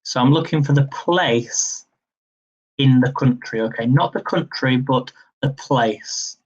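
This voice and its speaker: A young man hosting a live-streamed quiz, reading each question slowly, repeating it, and adding chatty asides. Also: mid-range voice, slightly rough, lo-fi sound. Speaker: quiz host.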